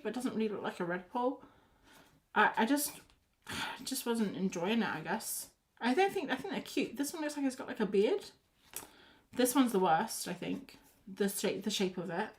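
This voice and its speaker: A woman chatting casually to her viewers while painting at her home art desk, rambling and restarting her sentences often. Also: medium pitch. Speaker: art livestreamer.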